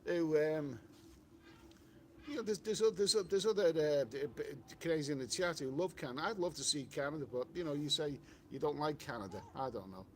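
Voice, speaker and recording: A man with a Liverpool accent chats casually on a travel live stream, reading out viewers' comments and answering them. His voice sits a little high, and he rambles, trips over his words and restarts often, filling gaps with "you know". A faint hiss runs under the recording. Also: fairly quick.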